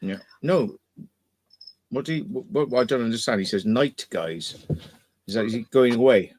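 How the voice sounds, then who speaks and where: A man chatting on a casual livestream, rambling in fits and starts with plenty of swearing and laughter. His pitch sits in a middle range and his delivery is loose and conversational. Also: animated, normal speed, darkish tone, a little hiss or hum. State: kidney stone trouble. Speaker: livestream host.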